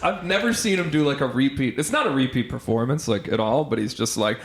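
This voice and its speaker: A man's voice: medium pitch, a little fast, hardly any pauses, echoey room. A man hosting a casual podcast, joking around and dropping into silly impressions. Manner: jokey, animated, slips into silly impressions. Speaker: podcast host.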